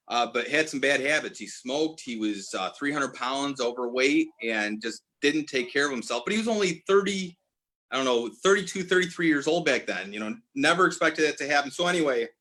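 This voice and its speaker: A man's voice: mid-range voice, pushed and bright. A man in his forties telling a personal story as a podcast guest, earnest, often restarting and correcting himself. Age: 40s. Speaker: guest, apparel brand owner.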